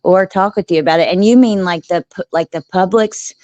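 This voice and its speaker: A woman hosting a casual chat, relaxed and agreeable in how she talks. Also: lowish voice, a little fast, no echo. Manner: relaxed, agreeable, laughs easily. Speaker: show host.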